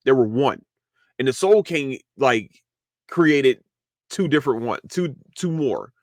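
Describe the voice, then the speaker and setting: A man in the middle of the male range, recorded dry and close with no room sound. He hosts a casual podcast and rambles with excitement, swearing often and repeating words as he restarts. His talk is loose and eager, as if he is thinking out loud. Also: medium pitch, no room sound. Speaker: podcast host. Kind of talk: casual solo anime review.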